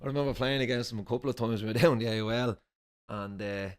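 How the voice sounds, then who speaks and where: Rapid-talking blunt man. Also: mid-range voice, crowd noise. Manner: blunt, swearing. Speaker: podcast guest. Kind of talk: casual chat.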